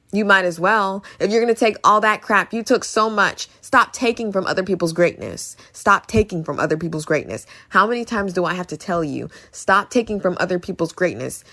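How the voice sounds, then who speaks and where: A woman with a slightly low voice vents about a film in a loose, chatty review. She sounds exasperated and sarcastic, circling back to the same complaints over and over for emphasis. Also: a bit bright. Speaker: movie reviewer. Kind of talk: casual ranting review.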